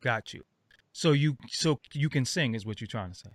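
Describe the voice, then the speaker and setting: A man hosting an interview show, sounding tired and a bit raspy, talking in a loose, rambling way with lots of fillers and repeats. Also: expressive, normal speed, no room sound, studio quality. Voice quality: raspy, deeper than usual. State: tired, just woke up. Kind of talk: casual interview chat.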